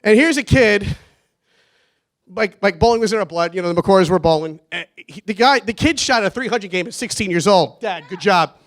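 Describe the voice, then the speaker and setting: A man's voice: high voice, animated, moderate pace. A man giving a rambling, nervous wedding toast for his brother, laughing often. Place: wedding reception.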